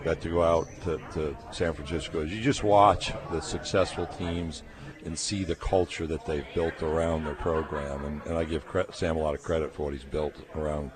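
A middle-aged man with a Great Lakes accent speaks in a very low voice, telling stories as a guest on a radio show with dry, easygoing humor. Loud crowd chatter fills the space behind him. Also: fairly even intonation, moderate pace. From New York State. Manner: anecdotal, storytelling with dry humor. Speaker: guest, conference commissioner. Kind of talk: radio interview chat.

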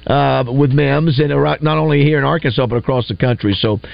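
A man's voice: mid-range voice, fairly even intonation, fairly quick, creaky, no echo. A man hosting a morning radio show in a casual, chatty way, often stalling with fillers and restarts. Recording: dull lo-fi broadcast sound.

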